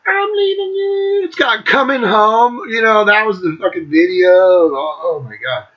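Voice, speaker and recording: A man in his fifties hosting a casual monologue, swearing constantly, excitable and breaking into bits of song. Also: high-pitched, normal speed, highs cut off. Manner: profane, excitable, breaks into singing. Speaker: host. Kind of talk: casual monologue ranking albums.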